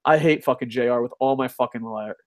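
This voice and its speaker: A man's voice: mid-range voice, brisk. A man hosting a casual live stream, reading chat, swearing and ranting, laughing often. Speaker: host.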